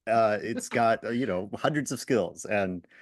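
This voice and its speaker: Rambling low-voiced male podcast host. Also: dry recording, clean studio sound. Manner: rambling, halting, with many restarts and laughs. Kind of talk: casual nostalgic interview chat.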